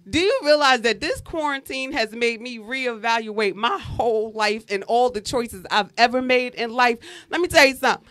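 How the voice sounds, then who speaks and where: A woman in her forties doing a stand-up comedy set, telling animated stories and breaking into loud exclamations. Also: on the high side, moderate pace, few pauses, dry recording. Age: 40s.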